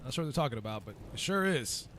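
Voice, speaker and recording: A man's voice: medium pitch, expressive, quick pace, a bit bright, slight background noise. A man commentating casually over his gameplay as a gaming YouTuber, rambling with lots of fillers. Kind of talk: let's-play commentary.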